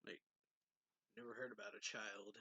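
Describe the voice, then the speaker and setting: A man's voice: lowish voice, level tone, moderate pace, bright, forceful tone, husky, poor audio. A young man recapping a comic chapter in a loose, rambling way with lots of fillers. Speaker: manga reviewer.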